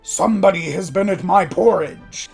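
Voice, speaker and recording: A woman voicing a great huge male bear in a rough, gruff voice in a storybook reading. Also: fairly low pitch, normal speed, a little mellow, faint music behind. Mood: indignant.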